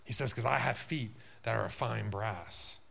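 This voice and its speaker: A man's voice: lowish voice, moderate pace, gravelly, pushed and bright. A male pastor preaching a sermon to his church, building in intensity with frequent amens.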